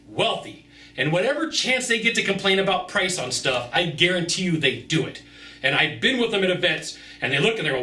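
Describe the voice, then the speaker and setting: A man's voice: a little high, pushed and bright, roomy sound, distant mic. A man giving brash, emphatic sales advice straight to the viewer in a vlog. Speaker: sales consultant. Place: outdoors.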